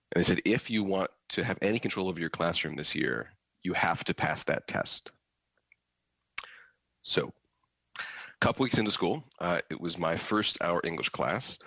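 A man's voice: deep voice, fairly bright tone, no echo, rough recording. A man who is a teacher, telling a story from his classroom with dry, understated delivery. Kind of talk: storytelling performance.

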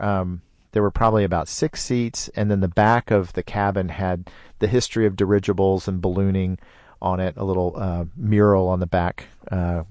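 A man with a lowish voice tells a story from his own life, animated and full of little sound effects. The recording is dry and close. He talks casually, as in a conversation. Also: no room sound. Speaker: storyteller guest.

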